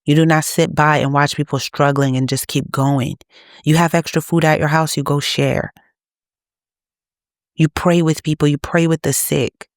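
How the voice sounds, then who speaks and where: A woman's voice: low voice, level tone, normal speed, dry recording, clean studio sound. A woman preaching to her channel's viewers in an urgent, exhorting manner. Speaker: channel host. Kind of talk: preaching to camera.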